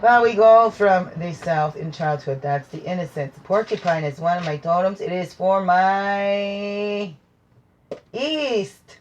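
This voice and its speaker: A woman hosting a spiritual teaching talk, speaking in a meandering, reflective way with musing asides and slow, drawn-out emphasis on key phrases. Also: on the low side, lo-fi sound, slight background noise. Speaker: host.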